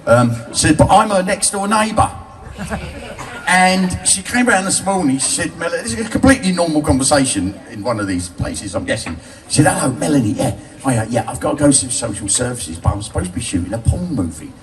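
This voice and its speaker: A man's voice: fairly high pitch, big pitch swings, fast talker, hardly any pauses. An older man telling crude, cheeky stories live to a bar crowd, laughing at his own jokes. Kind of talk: live stand-up storytelling. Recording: distant mic, loud crowd.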